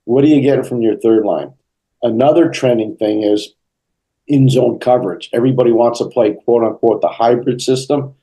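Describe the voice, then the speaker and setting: A middle-aged man in an interview, telling lively stories and acting out the quotes. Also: mid-range voice, normal speed, rough recording. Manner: animated storyteller, acts out quotes. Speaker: interview guest, hockey broadcaster. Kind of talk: storytelling interview answers.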